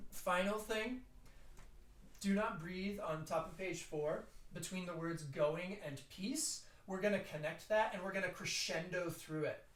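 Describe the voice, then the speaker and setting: A man with a tenor voice leading a choral rehearsal, explaining the notes quickly and then singing phrases slowly in falsetto. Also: reverberant, distant mic, low-quality recording. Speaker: choir director. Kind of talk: choral rehearsal teaching with sung demonstrations.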